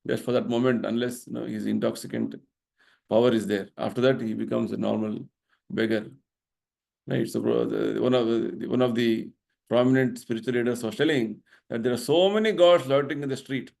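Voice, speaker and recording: A middle-aged man delivers a devotional lecture, with a gravelly, fry-edged texture in his voice. He speaks in a medium register and explains each point earnestly, often pausing to check with the room by asking "right?". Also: mid-range voice, steady tone, darkish tone. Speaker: temple vice president giving a spiritual talk.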